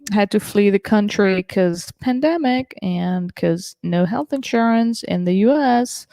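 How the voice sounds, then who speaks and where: A woman's voice: mid-range voice, a little mellow, no echo. A woman from Germany doing a stand-up comedy set over a video call, chatty and self-deprecating with many fillers.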